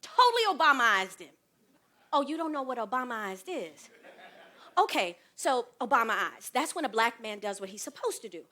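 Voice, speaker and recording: Animated woman in a one-woman stage show. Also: fairly high pitch, moderate pace. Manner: animated, sassy storytelling with mimicry. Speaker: comedic solo performer. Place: theater stage.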